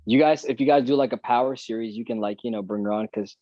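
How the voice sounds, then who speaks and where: A man's voice: medium pitch, quick pace, highs cut off. A man, an actor guest on a podcast, chatting casually and telling stories with jokes over a video call. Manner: relaxed, joking storyteller.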